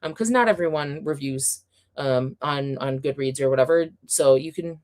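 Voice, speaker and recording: Chatty woman with a lowish voice. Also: moderate pace, darkish tone. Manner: chatty and upbeat, with fillers and frequent laughs. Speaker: livestream host reading chat. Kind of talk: casual livestream chat.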